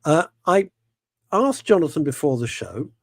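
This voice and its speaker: Man, radio show host, passionate and emphatic, very lively pitch, dry close sound. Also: measured pace, creaky, no room sound. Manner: passionate, emphatic opinions with repetitions. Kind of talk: casual talk radio chat.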